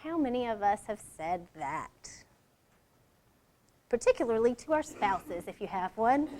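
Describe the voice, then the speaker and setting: A middle-aged workshop leader gives a conversational presentation, acting out short example lines in different tones to make her point. Her voice is high and sing-song yet dark in tone. She keeps a measured pace and pauses often.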